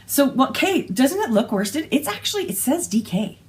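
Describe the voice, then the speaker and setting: A woman's voice: sits high, very animated, moderate pace. A Canadian woman co-hosting a casual knitting podcast, talking in a gushing, enthusiastic way. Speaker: podcast co-host.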